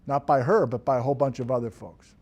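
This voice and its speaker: Animated male geology lecturer. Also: medium pitch, quick pace, lo-fi sound. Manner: animated and enthusiastic, loud at times. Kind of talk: classroom lecture. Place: university classroom.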